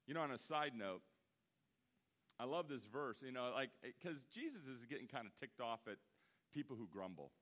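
In his fifties, a pastor preaches a sermon, telling a story with animation at a moderate pace in a medium-pitched voice. He swings from loud, emphatic bursts to hushed asides.

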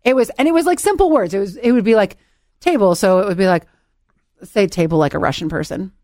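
A woman co-hosting a podcast in casual chat, animated and giggly as she tells stories. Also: medium pitch, fast talker, no echo, studio quality. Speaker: podcast co-host.

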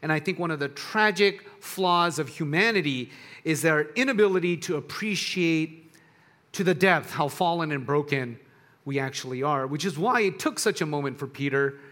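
A man preaching a sermon to students in a conversational way, often restarting his sentences and dropping softer on quiet points. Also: on the high side, moderate pace. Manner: conversational, searching for words with restarts. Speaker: pastor.

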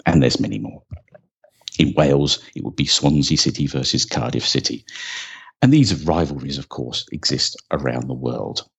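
Very deep gravelly man. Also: animated, moderate pace. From England. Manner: wry, mock commentator asides. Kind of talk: scripted narration with mock match commentary. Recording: dull lo-fi recording.

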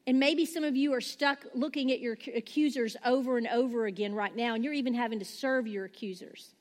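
A woman pastor preaching a sermon, animated and acting out the quoted lines. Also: fairly high pitch, a little fast.

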